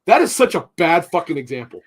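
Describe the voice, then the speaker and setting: A man's voice: a little high, big pitch swings, fast, a little hiss or hum. A man, co-hosting a casual podcast, who talks bluntly, swears freely and stumbles over repeated words when worked up. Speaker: podcast co-host. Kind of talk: casual chat.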